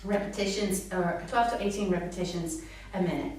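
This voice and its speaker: Animated woman speech therapist, echoey room. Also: fairly low pitch, brisk. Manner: animated, models words in a sing-song voice. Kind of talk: live talk to parents. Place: hall with a live audience. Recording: echoey room, mic far off, faint noise.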